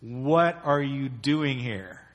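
A man's voice: medium pitch, expressive, very slow. Man doing a earnest king, polite questions, slightly raised voice, long echo. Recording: long reverb of a church hall.

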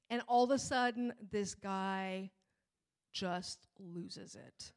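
A middle-aged woman pastor preaching a sermon, telling a story with lively acted-out voices. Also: medium pitch, measured pace. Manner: animated storytelling, acting out voices.

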